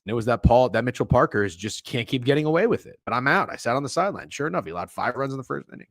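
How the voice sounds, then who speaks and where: A young man hosts a sports betting live stream, swearing casually and answering his chat. His pitch jumps around in a lively way. The sound is dry and close, with no room behind him. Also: racing, dry recording. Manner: animated, swearing, talks to chat. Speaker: sports betting show host.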